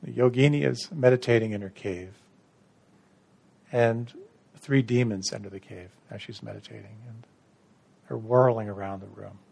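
A middle-aged man giving a gentle, reflective dharma talk to retreat participants, unhurried, with soft restarts. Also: lowish voice, fairly even intonation, vocal fry, husky. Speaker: meditation retreat teacher.

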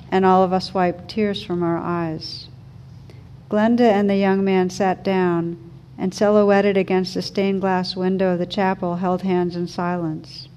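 A woman teacher giving a slow, gentle reflective talk, reading a story aloud. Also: medium pitch, lo-fi sound, slight background noise. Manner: slow, gentle, thoughtful delivery.

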